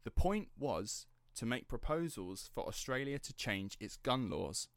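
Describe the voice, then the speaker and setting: A man's voice: mid-range voice, big pitch swings, unhurried, no echo. A man hosting a casual true-crime podcast, rambling and laughing as he drifts off script. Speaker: podcast host.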